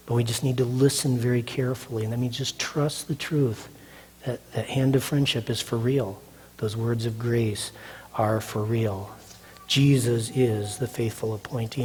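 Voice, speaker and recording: A male pastor preaches an emphatic sermon in a medium-pitched, darkish voice with a breathy edge. He repeats phrases and poses questions to the congregation, then answers them himself. A long hall reverb surrounds the recording.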